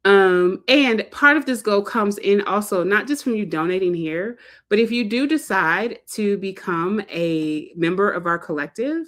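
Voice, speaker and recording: A woman's voice: medium pitch, lively intonation, measured pace. A woman hosting a live fundraising stream, talking casually and animatedly, with lots of fillers and playful put-on quotes. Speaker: livestream host, fundraiser organizer. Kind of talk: casual livestream talk.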